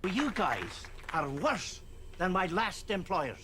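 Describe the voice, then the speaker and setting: A man's voice: high-pitched, very animated, slow, very noisy, heavily acted. An actor playing a fussy, overworked male starship engineer who complains about his bosses. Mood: aggrieved. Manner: whiny, complaining.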